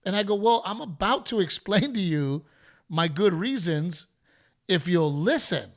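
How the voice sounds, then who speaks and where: Man, podcast host, casual storytelling, animated, slightly high voice. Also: a little slow. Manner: animated, acts out heckler voices.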